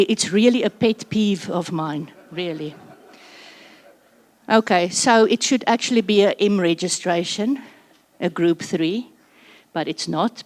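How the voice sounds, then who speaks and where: A South African woman giving a workshop presentation, chatty and slightly out of breath, with quick joking asides. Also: medium pitch, darkish tone. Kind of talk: conference presentation.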